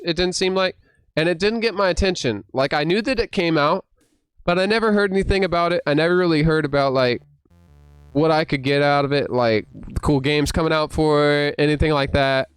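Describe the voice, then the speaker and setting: A young man hosting a livestream, chatting casually and retelling things with excitable, animated reactions. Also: fairly high pitch, clear, resonant tone, no room sound. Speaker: streamer host.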